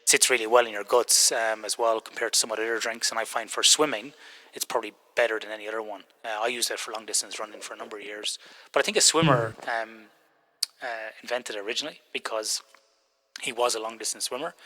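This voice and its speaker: A man's voice: fairly low pitch, fairly even intonation, fast talker, pushed and bright. A middle-aged man hosting a podcast interview, chatty and joking, teasing his guests as he talks. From Ireland. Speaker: podcast host. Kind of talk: casual interview chat.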